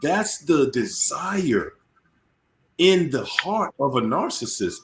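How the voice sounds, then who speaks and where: A male host in casual live-stream chat, animated and preachy, often repeating his words. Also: on the high side, takes it slowly, roomy sound, a little hiss or hum.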